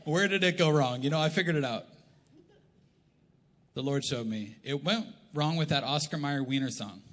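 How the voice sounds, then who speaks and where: Bright-voiced joking Canadian pastor. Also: male voice, fairly high pitch, moderate pace. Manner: animated, jokey, acts out quotes. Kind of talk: humorous sermon storytelling. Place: large church hall. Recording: live church hall reverb.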